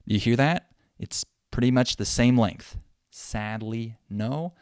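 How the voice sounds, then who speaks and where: Slow-talking man explaining English. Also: medium pitch, clear, resonant tone, dry recording, studio quality. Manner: explanatory, repeats example phrases slowly. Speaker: English teacher. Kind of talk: podcast language lesson.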